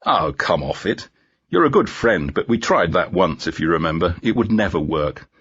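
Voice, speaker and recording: A man's voice: deep voice, big pitch swings, normal speed, fairly bright tone, husky, dry recording, heavily acted. A man voicing a dry-humored woman police inspector in a storybook reading, teasing and wry, on a dull lo-fi recording.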